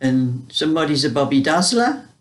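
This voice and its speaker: A vlogger from Newcastle upon Tyne, England, chats casually to camera in a Geordie accent, homely and full of small hesitations. Her voice is deep and sing-song, at normal speed.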